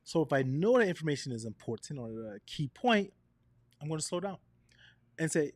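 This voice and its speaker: A man with a fairly high voice speaks briskly in a dry space with no room sound. He's coaching a session on camera presence, animated and shifting his tone to demonstrate points. He tosses in "right?" again and again.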